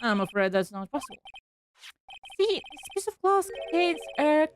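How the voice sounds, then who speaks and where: Brief: a woman voicing a resolute young defense lawyer, firm and clear, somewhat high. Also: sing-song, normal speed, background noise. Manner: firm, reading dialogue aloud.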